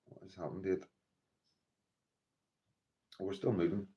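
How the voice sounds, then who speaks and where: A man with a Northern Irish accent hosts a casual livestream and talks to his viewers in a rambling, easygoing way. His voice sits a little low, and he leans on fillers like "you know" and "like". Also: flat delivery, moderate pace, muffled recording. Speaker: livestream host.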